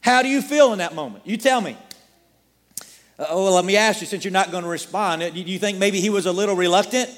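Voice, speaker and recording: A male pastor preaching a sermon, retelling a story and putting rhetorical questions to his listeners. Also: sits high. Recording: long reverb of a large hall.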